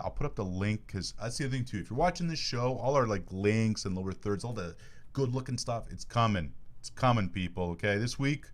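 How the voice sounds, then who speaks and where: Male podcast host, low-ish voice, chatty and joking, casual studio sports talk. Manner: jokey, chatty, animated plugs.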